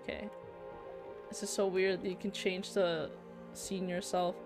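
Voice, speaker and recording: A woman's voice: on the low side, little pitch movement, measured pace, over music. A woman playing a story game, reading its narration aloud and breaking off into candid reactions. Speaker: let's play gamer. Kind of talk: reading game text aloud with casual commentary.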